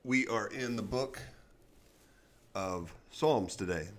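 A man hosting a devotional podcast, reading scripture aloud at a steady pace and adding short plain comments. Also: fairly low pitch, slow pace. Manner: reads scripture aloud with brief comments and prayer. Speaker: podcast host.

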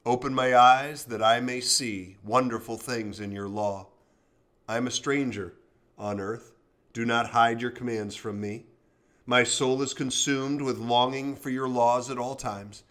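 A man hosting a devotional podcast, reading scripture aloud at a steady pace and adding short plain comments. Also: mid-range voice, a little slow. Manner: reads scripture aloud with brief comments and prayer. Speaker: podcast host.

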